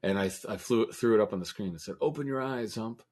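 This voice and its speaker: Guy in his 40s, kinda low voice, cussing and laughing thru a ballpark story on a podcast. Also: fast talker, a little mellow. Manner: swears a lot, laughs while telling stories. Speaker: podcast co-host. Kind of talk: casual chat, storytelling. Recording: live stream podcast.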